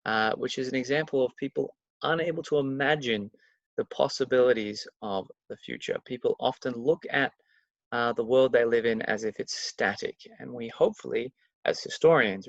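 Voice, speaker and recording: A man's voice: mid-range voice, creaky, a bit bright, no room sound. A man presenting a daily history explainer, talking his way through dates with dry, facetious asides. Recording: dull, lo-fi, dry mic sound.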